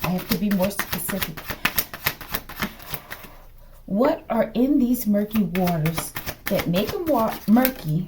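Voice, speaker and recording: A woman's voice: lowish voice, expressive, noisy background. A woman with a slight lisp, reading tarot cards for her viewers in a casual, speculative way and often addressing them with "collective" and "okay?". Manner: slow, drops to whispers at times. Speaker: tarot reader.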